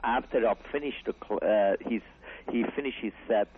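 A middle-aged man whose first language is not English, a comedy club owner telling stories in an interview, animated and acting out the voices of others. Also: medium pitch, moderate pace, slight background noise. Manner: animated storyteller, acts out voices, broken English. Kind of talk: storytelling in interview. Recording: tinny phone-like line.

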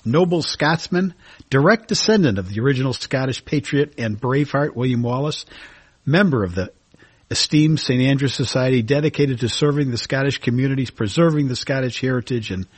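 Husky radio host guy, big flowery intros, mid-range voice, laughs a lot. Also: medium pitch, a little fast. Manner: ornate, enthusiastic introductions, laughs often. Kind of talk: radio talk show hosting.

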